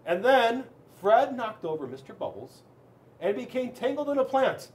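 A man, a school resource officer, reading a children's book aloud in an animated, expressive way. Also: very high voice, moderate pace.

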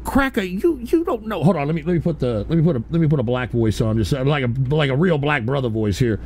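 A man's voice: medium pitch, fast, background noise. A man hosting a call-in radio show, ranting brashly, swearing and repeating himself as he takes calls. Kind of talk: profane call-in radio rant.

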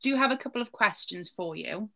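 A woman's voice: medium pitch, lively intonation, a little fast, bright, forceful tone, a little hiss or hum. Woman, moderator, reads audience questions, friendly, video call.

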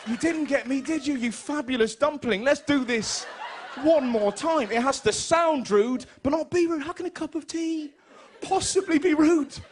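A young man with an English accent doing a lively stand-up comedy routine on stage, telling stories and acting out his mother's lines. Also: very high-pitched, normal speed, some chatter behind, slight background noise. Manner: animated storytelling, puts on his mum's voice in quotes. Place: stage in front of a live audience.

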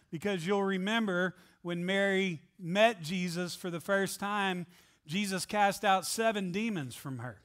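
Male pastor, high voice, animated and jokey sermon delivery with scripture reading. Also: normal speed. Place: church sanctuary.

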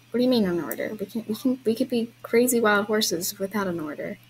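A woman's voice: mid-range voice, a little fast, a little hiss or hum, low-quality recording. A young woman hosting an online horse-riding game event, chatting to viewers and apologizing with little laughs as she plays. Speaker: game vlogger hosting a trail ride. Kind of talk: casual gameplay commentary.

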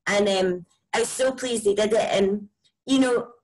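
A woman with a broad Scottish accent, a musician chatting casually and warmly about her music in an interview, with lots of "like" and "um". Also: medium pitch, normal speed, a little hiss or hum, low-quality recording. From Scotland. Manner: chatty, enthusiastic, many likes and ums. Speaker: musician guest.

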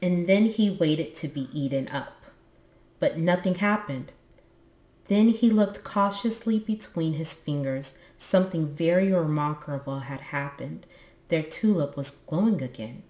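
A woman's voice: low voice, measured pace, warm tone. A woman reading a children's book aloud on her book channel, with casual, musing asides. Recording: echoey room.

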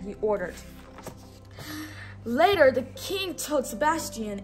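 A woman's voice: sits high, animated, measured pace, faint music behind. A young adult woman teacher reading a storybook aloud, patiently prompting a child to repeat words after her.

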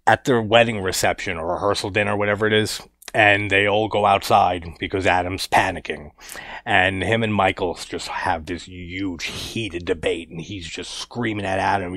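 Male film reviewer, casual and amused, lowish voice, dry close recording. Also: steady tone, moderate pace, a bit bright, no room sound. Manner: laid-back, chuckling while recounting scenes.

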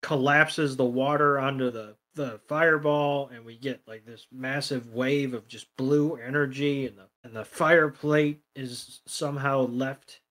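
A man's voice: medium pitch, steady tone, a little slow, few pauses, fairly bright tone. A man co-hosting a podcast, casually recapping an episode with sardonic comments and free swearing. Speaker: podcast co-host.

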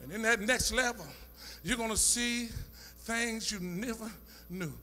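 A male pastor preaching a sermon, his voice high and ringing, lifting from talk into shouted and half-sung lines with a call-and-response rhythm. The sound is bright and edged. His words echo through a church sanctuary with a long reverb tail. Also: unhurried.

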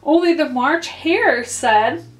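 A woman's voice: high-pitched, lively intonation, takes it slowly, voice pushed up. A woman voicing a nervous male hatter on trial, pleading in a trembling voice. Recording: roomy echo.

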